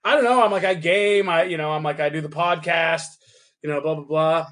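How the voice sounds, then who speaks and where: A man co-hosting a casual podcast, telling a story in an animated way, acting out both sides of a phone call and swearing freely. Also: a little high, a little fast. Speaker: podcast co-host.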